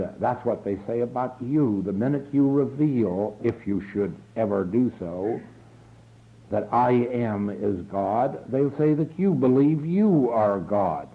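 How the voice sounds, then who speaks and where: Man, spiritual lecture, slow and deliberate, thin phone-like old tape sound. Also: mid-range voice. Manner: slow, earnest, deliberate delivery. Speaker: spiritual teacher. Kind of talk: recorded lecture. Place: church hall. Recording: tinny 1950s archival tape.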